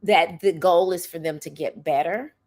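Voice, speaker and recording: A middle-aged woman teacher talks through her classroom habits on her podcast. Her voice sits a little low for a woman. She is earnest and emphatic, checking in with an "okay?" as she goes. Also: moderate pace, darkish tone. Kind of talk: casual podcast monologue.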